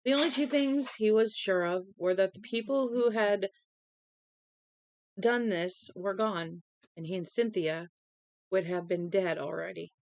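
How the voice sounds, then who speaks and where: A woman's voice: medium pitch, a little slow, darkish tone. A young woman reads a novel aloud in a tired, yawning voice and keeps breaking off to chat with her viewers. Her voice sits in an ordinary middle range. The sound is dry and close, with no room echo. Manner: chatty, breaks off reading to talk to chat. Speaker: streamer reading a novel aloud. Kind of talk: casual book reading with chatty asides.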